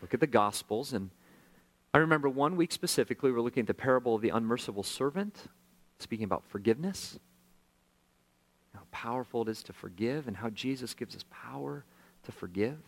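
Pastor guy preaching, fry in his voice, jumps into voices for the people in his story. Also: mid-range voice, a little fast, poor audio. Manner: animated storyteller acting out quoted voices. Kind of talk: sermon storytelling.

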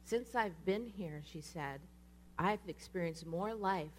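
A woman's voice: lowish voice, slow pace, a little hiss or hum. A woman preaching in a casual storytelling way, acting out the voices of the people she quotes. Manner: animated, acts out quoted voices. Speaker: speaker. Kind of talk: sermon storytelling.

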